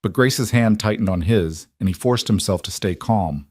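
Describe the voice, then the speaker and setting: A man giving scripted, measured narration of a Western story. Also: on the low side, darkish tone, husky, no echo, studio quality.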